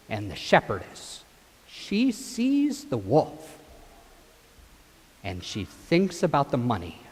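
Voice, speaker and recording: A man, a priest, telling a gospel story with children acting it out, directing them as he goes. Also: on the high side. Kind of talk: children's sermon with acted gospel. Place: church. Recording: long church reverb.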